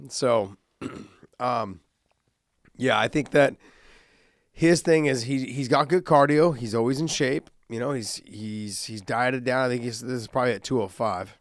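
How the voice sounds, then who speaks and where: A man's voice: mid-range voice, unhurried, no echo, studio quality. A man co-hosting a podcast in casual chat, rambling and hesitant with many fillers. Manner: rambling, hesitant, lots of ums and likes. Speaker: podcast co-host.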